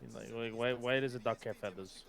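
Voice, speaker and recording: A man playing a laid-back ex-convict who rambles through dark jokes and dad jokes, stumbling over his words in live role-play. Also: mid-range voice, quick pace, faint music behind, lightly acted. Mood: joking. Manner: rambling, stumbling joke-teller.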